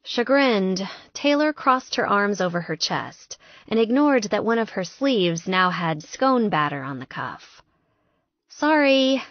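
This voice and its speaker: A woman narrating an audiobook in a lively, expressive storytelling manner. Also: mid-range voice, unhurried, few pauses, no echo, dull audio.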